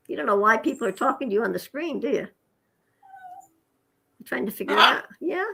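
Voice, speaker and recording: A woman's voice: a little high, expressive, normal speed, vocal fry, pauses often, pushed and bright, husky, low-quality recording. A woman guest on an interview, a hospice nurse and animal rescuer, telling chatty stories with frequent chuckles and asides to her pet parrot. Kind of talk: casual storytelling interview.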